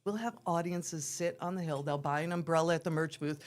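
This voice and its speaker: A woman's voice: low voice, a little fast. A woman from the theater scene, a guest on a morning TV chat show, explaining things eagerly and at length. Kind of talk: casual interview.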